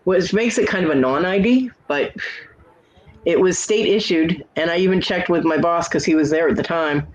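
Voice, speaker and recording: A woman in her forties hosts a relaxed chat show. She spins long personal stories in a loose, rambling way. She brings the back-and-forth of old conversations to life as she tells them. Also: lowish voice, moderate pace, highs cut off. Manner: chatty storyteller who acts out quoted exchanges. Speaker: host. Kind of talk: casual chat.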